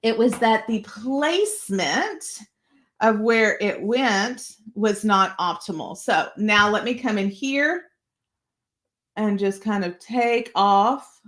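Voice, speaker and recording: A woman's voice: medium pitch, expressive, takes it slowly, fairly bright tone. A woman hosting a live makeup tutorial, chatty and encouraging as she talks straight to her viewers.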